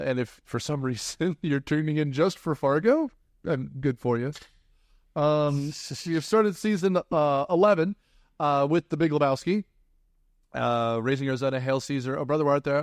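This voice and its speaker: A man's voice: medium pitch, no echo, studio quality. A man hosting a casual movie podcast, rambling and hesitant and often breaking into laughter. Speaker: podcast host.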